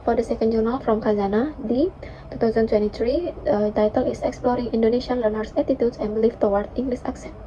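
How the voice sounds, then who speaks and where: A young woman, a university student, reading a class presentation with careful, steady delivery and occasional fillers. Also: a little high, quick pace, slight background noise. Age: young adult. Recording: dull lo-fi recording.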